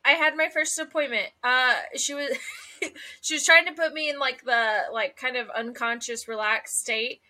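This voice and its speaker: A young woman co-hosting a casual podcast chat, animated and teasing, laughing often. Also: high voice, normal speed. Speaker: podcast co-host.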